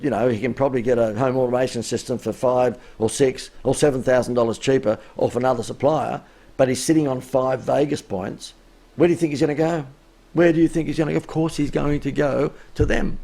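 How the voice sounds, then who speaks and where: A man's voice: medium pitch, vocal fry, dark tone. A man giving a chatty, emphatic live-streamed business coaching talk, his voice wearing out. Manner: chatty, emphatic, rising inflection.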